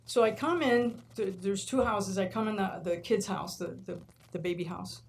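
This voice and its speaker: A woman's voice: medium pitch, unhurried, long pauses, rough recording. A woman from New York, a college instructor, telling stories in a speech at a board meeting, acting out quotes and laughing often. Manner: animated storyteller, acts out quotes, laughs often. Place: large meeting room.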